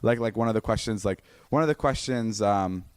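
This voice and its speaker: A young man telling a story in casual podcast chat, animated and swearing a lot, with many fillers and restarts. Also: on the low side, brisk, smooth, no room sound. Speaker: podcast guest.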